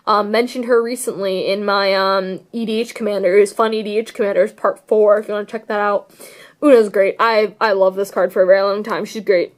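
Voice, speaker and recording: A woman's voice: medium pitch, fairly even intonation, fairly quick. A young woman casually chatting about her card deck, gushing and rambling with lots of fillers. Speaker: card game vlogger. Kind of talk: casual deck tech chat.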